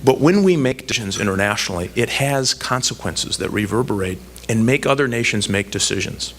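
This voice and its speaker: A man's voice: medium pitch, lively intonation, brisk, a bit bright, a little hiss or hum. A man giving a public speech about foreign policy, telling stories with humorous asides and building his point through repeated emphatic phrases. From United States. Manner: storytelling with asides and self-deprecating humor.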